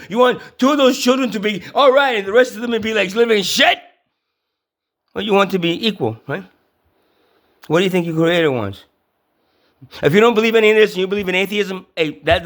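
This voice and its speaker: Fairly high-voiced man ranting and swearing. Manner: stammering repetitions, heavy swearing, yelling. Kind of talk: profane ranting monologue.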